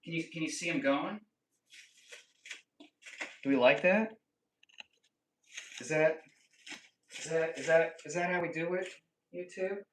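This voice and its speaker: A man's voice: on the high side, a little slow, pauses often, a bit bright, recorded from a distance, slight background noise. A young man hosting a casual live stream, reading chat comments aloud and joking and trolling back at them. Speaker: livestream host. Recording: echoey room, voice a bit off-mic.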